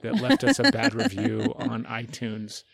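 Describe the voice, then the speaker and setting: A man's voice: medium pitch, wildly swooping pitch, unhurried, gravelly, a bit bright. A man co-hosting a podcast, supportive and blunt, swearing casually. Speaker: podcast co-host. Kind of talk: casual chat.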